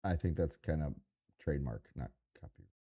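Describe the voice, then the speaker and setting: A man's voice: very deep voice, animated, fairly quick, mellow. A man co-hosting a livestream, tossing in dry wisecracks during casual chat. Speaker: livestream co-host.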